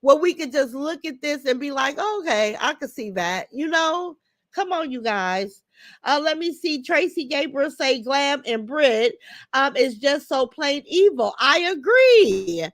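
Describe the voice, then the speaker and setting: An older woman, speaking in a high voice. She hosts a casual livestream, reading chat comments and answering them bluntly, heated and swearing freely. The sound is dry and close. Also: animated, measured pace, no room sound. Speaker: livestream host.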